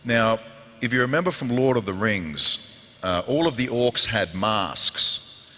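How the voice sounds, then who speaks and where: A man with a New Zealand accent telling animated stories on a convention panel, acting out quoted voices and growls as he goes. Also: on the low side, takes it slowly. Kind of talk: animated storytelling to an audience. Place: large convention hall. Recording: echoey convention hall with long reverb.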